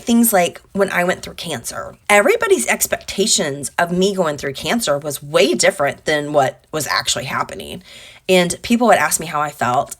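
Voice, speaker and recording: A woman vlogger talks casually to her viewers, earnest and a little rambling. Her voice sits on the low side for a woman, and she keeps an encouraging, conversational tone. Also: a bit bright. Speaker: vlogger giving life advice. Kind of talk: casual talk to camera.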